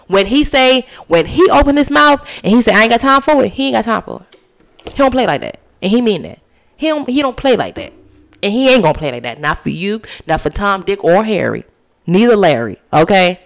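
A woman hosting a solo podcast, talking casually and preaching with emphasis straight to her listeners. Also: on the low side. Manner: casual and chatty, often says "y'all" and "honey". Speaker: podcast host.

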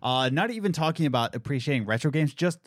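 A man's voice: a little high, expressive, fast talker, no room sound, studio quality. A man in his late twenties hosting a casual podcast chat, joking around and reading listener comments aloud. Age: late 20s. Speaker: podcast host.

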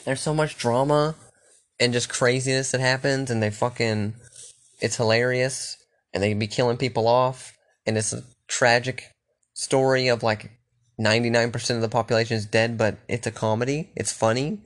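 A man's voice: medium pitch, steady tone, normal speed. A young man chatting casually and rambling, swearing freely and restarting his sentences often. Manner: loose, profane, rambling with restarts.

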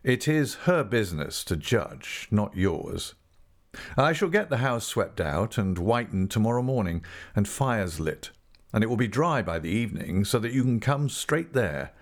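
A man reading an overbearing young gentleman suitor. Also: fairly low pitch, big pitch swings, unhurried. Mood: insistent. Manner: insistent, coaxing, overbearing. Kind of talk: audiobook character voice.

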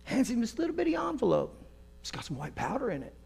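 Male preacher, high voice, lively storyteller who acts out every quote. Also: fast talker, creaky, breathy edge. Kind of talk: storytelling sermon.

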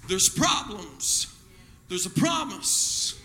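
Male pastor, high, sharp voice, shouts a call-and-response sermon. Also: normal speed. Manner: call-and-response preaching, repeats phrases. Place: church service with congregation.

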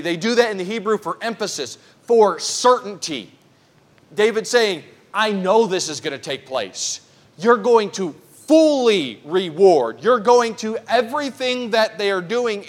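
High-voiced man preaching a sermon. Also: expressive, normal speed, fairly bright tone. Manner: earnest, conversational preaching with emphatic repetition. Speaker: pastor. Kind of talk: Bible-teaching sermon. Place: church prayer service.

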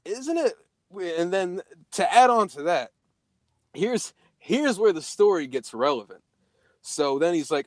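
Give me a young man telling a profane story on a podcast, a bit high-voiced, acting out every line of dialogue. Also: normal speed, no room sound. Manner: profane, animated, acts out quoted dialogue.

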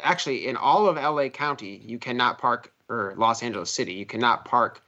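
A man's voice: medium pitch, brisk, bright, forceful tone, muffled recording. A man from Minnesota, a filmmaker guest in casual interview chat, rambling through his stories with many restarts.

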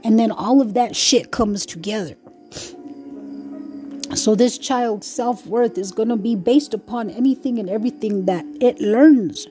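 A woman's voice: fairly high pitch, a little slow, warm tone, soft background music. A middle-aged woman hosting a podcast, talking through her hurt and frustration in a raw, profane, rambling monologue full of restarts. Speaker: podcast host. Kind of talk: emotional personal monologue.

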